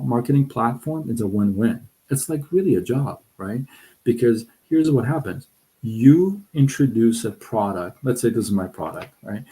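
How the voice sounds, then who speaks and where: A middle-aged man hosting a casual live stream, talking in an animated, excitable way with frequent restarts. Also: medium pitch, poor audio. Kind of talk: casual livestream talk. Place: Southern California.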